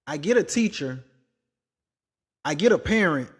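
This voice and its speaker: Male podcast host, higher pitch, blunt and preachy reactor. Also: lively intonation, unhurried, breathy edge. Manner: blunt, preachy, rising to exasperated outbursts. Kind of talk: opinionated commentary.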